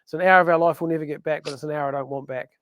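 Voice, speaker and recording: A man's voice: fairly high pitch, steady tone, very fast, a bit bright, no room sound. A man co-hosting a podcast, joking and rambling in casual banter, exaggerating for laughs. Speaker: podcast co-host. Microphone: studio microphone.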